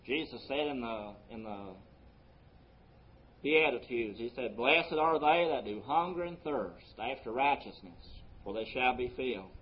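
A man pastor preaching a sermon, his voice swelling on key words and dropping low between them. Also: lively intonation, unhurried, muffled recording, a little hiss or hum. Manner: preaching with sweeping rises and drops in loudness.

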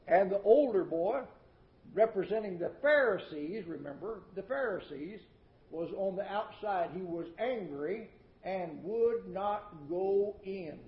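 A man preaching a sermon in a church, folksy and emphatic, swinging between loud declaiming and hushed asides, repeating words for effect. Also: high voice, lively intonation, a little slow. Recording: echoey, dull old recording.

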